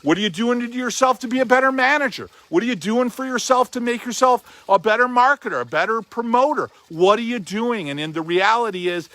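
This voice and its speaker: Male coach, emphatic and repetitive, high ringing voice, dry close sound. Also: pushed and bright, no echo. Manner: emphatic, repetitive, swears casually. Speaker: chiropractic coach. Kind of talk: motivational talk.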